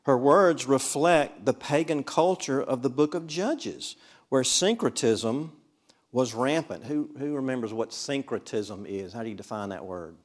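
This Bible study teacher from Mississippi talks with his class in a relaxed, chatty way, frequently quizzing them, in a classroom with a board. His mid-range voice is expressive and unhurried.

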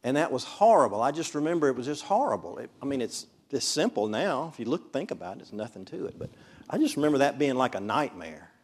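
A man's voice: medium pitch, sing-song, fast talker, a little mellow. Man teaching a Bible class. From Mississippi, USA. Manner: conversational, asks the class frequent questions. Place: classroom with a board.

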